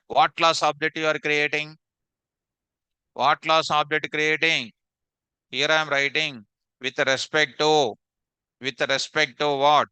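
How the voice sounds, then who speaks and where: A man's voice: fairly high pitch, sharp tone, clean tone, no echo. A man teaching a programming class, repeating questions and quizzing his students. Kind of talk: live online coding class.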